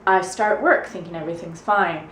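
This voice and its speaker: A young woman from the United States tells a story in a chatty, animated way, slipping into quoted asides. Her voice sits a little low for a woman. The room echoes, and a faint hiss runs underneath. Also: moderate pace. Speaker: vlogger. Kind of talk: casual storytelling vlog.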